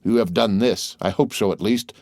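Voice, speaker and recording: A man reading a cold, stern magistrate who interrogates calmly and with contempt, in an audiobook. His voice sits low and the sound is dry and close. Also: normal speed, dry recording, natural voice. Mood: contemptuous. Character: cold stern male magistrate, accusing husband. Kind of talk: audiobook character voice.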